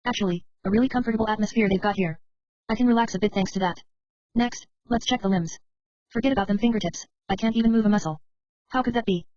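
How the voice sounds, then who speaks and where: Brisk woman reading a novel aloud. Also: mid-range voice, a little mellow, no room sound. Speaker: audiobook reader. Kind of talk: first-person novel narration. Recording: dry, slightly muffled recording.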